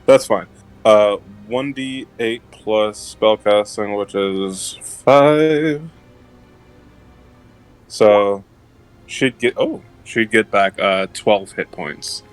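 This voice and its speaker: A man's voice: lowish voice, very slow, clean tone, low-quality recording. A man playing a tabletop game, talking casually, rambling and swearing. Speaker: player. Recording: faint music behind.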